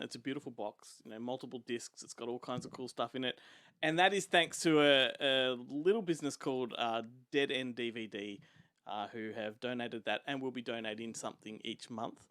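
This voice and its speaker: A man's voice: medium pitch, clean tone, dry recording, studio quality. Laid-back man co-hosting. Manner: relaxed, laughs often, hesitant with fillers. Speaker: podcast co-host. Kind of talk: casual chat.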